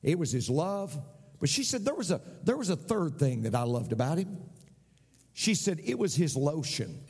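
A man's voice: a little high, big pitch swings, normal speed, darkish tone, husky, long reverb tail. A man preaching a sermon as pastor, repeating phrases and asking the congregation for an amen.

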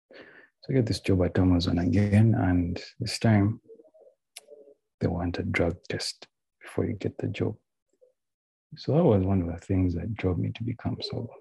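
A young man whose first language is not English, speaking in a library and telling his own story in a candid, halting way with many restarts. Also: sits low, fairly even intonation, gravelly, mellow, slightly rough, no room sound, poor audio. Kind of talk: personal recovery story. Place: indoors, a library.

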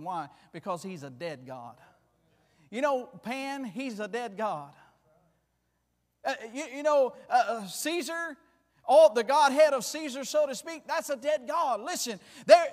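A man preaching a fervent sermon, repeating words and swinging between loud declarations and hushed asides. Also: very high-pitched, in a large hall.

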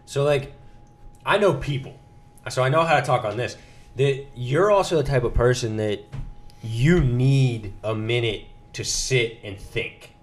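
A man's voice: medium pitch, a little slow. A young man co-hosting a podcast, chatting casually and laughing often. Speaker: podcast co-host. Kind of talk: casual chat.

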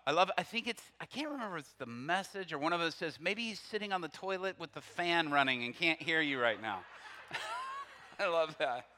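A man preaching a sermon, reading scripture aloud with lively asides, laughing often and questioning his listeners. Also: sits high, unhurried. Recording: long reverb from a hall.

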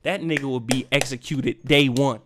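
A man's voice: medium pitch, normal speed, fairly bright tone, a little hiss or hum. A young man hosting a podcast, ranting in a heated, profane, emphatic way. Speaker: podcast host. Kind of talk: solo rant.

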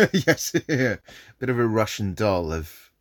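Very deep voiced guy cohosting, wry jokes, laughs a lot. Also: sing-song, slow pace, fairly bright tone. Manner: wry, jokey asides, bursts of laughter. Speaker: podcast co-host. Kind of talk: casual podcast chat.

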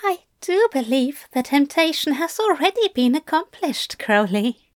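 Woman voicing Aziraphale, a gentle eager angel. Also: high voice, very animated, a little slow, no room sound, studio quality, voice pushed up. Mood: teasing. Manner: bright, pleading, a little breathless.

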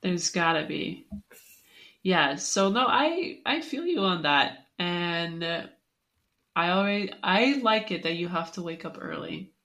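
Podcast co-host, twenties, woman, unhurried low voice, easygoing. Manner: supportive, relaxed listener. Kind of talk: casual chat.

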